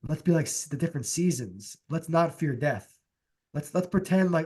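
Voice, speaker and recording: A young man with a somewhat high voice chats loosely on a podcast. He rambles through his points with plenty of fillers. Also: normal speed, breathy edge. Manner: relaxed, rambling, many fillers. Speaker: podcast co-host. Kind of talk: casual chat.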